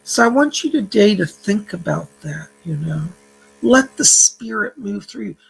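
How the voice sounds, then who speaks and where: A man's voice: high voice, lively intonation, measured pace, gravelly, slightly rough. A man who works as a psychic, giving an earnest, uplifting spiritual vlog message and retelling a phone call. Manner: preachy, uplifting address to viewers.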